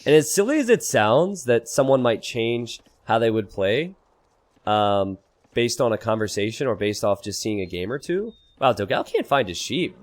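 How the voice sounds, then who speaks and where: Animated man casting a strategy game. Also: mid-range voice, normal speed. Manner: animated, bursts into loud disbelief and laughter. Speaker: game caster. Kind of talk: esports commentary.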